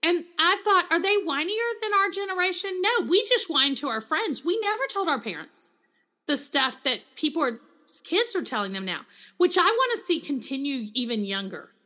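A middle-aged woman with a high, bright voice talks through her work as a counselor in a casual interview. She is chatty and animated and slips into quoted voices as she tells stories. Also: normal speed. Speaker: Christian counselor and author, guest.

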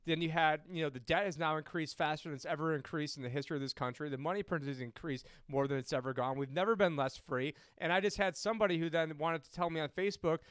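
A man co-hosts a podcast, ranting heatedly about money and politics while swearing and rambling through plenty of fillers and restarts. His voice is a little high and fairly bright, moving quickly with few pauses. The recording is clean with no echo.

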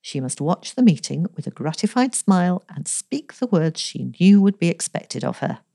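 A woman narrating a romance story in a measured, even reading. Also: fairly low pitch, vocal fry, no echo, clean studio sound.

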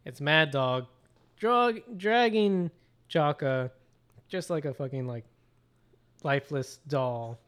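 A man's voice: on the high side, slow pace, pauses often, fairly bright tone, smooth. A man hosting a podcast, casually retelling a film scene with lots of "like" and swearing. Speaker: podcast host. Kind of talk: casual chat.

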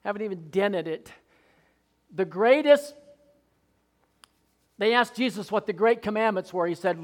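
High-voiced male preacher, fervent sermon delivery, loud exhortations broken by soft asides. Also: unhurried, long pauses.

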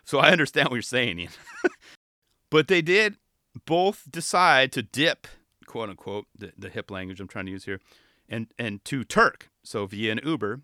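A young man reviewing a dating show in casual chat, laughing often and leaning on fillers. His voice is bright and swings widely in pitch. The recording is close and dry. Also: dry recording. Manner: animated, laughing, frequent "you know" fillers. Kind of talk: casual video commentary.

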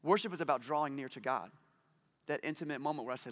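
A man in his forties preaching a conversational sermon, lively and animated, sometimes dropping to a soft, hushed voice. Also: medium pitch, fast talker. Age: 40s. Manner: conversational, animated, drops to a soft hush for intimate moments. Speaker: pastor. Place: church.

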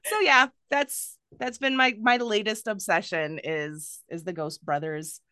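A woman's voice: mid-range voice, steady tone, a little slow, bright, forceful tone, clean tone, no room sound. A woman in her thirties hosts a podcast in a loose, chatty way, laughing easily and swearing casually. Her voice sits in the middle of the range and is recorded close and dry, with no room sound. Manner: chatty, laughs often, candid and profane. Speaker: podcast host. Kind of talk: casual chat.

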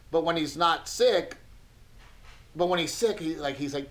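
A man's voice: on the high side, sing-song, moderate pace, a little hiss or hum, poor audio. A man in his thirties, a podcast co-host, telling family stories in a casual chat, laughing often and acting out his son's lines.

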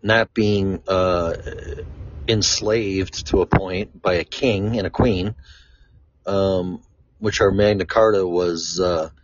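A man's voice: low-pitched, steady tone, slow, dry recording. A man from Chicago talking in a casual, rambling monologue, blunt and free with swearing. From Chicago, USA. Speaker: vlogger. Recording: dull lo-fi, dry sound.

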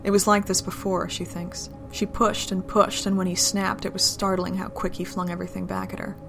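Brief: woman storyteller, gravelly low voice, even delivery, faint music underneath. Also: brisk. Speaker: narrator. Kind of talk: reading an adult romance story aloud.

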